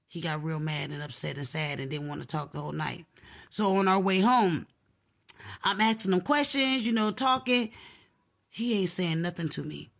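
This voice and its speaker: A young woman with a boisterous voice, telling a personal story in casual slangy chat and acting out what others said. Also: lowish voice. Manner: animated, slangy, acts out other people's lines.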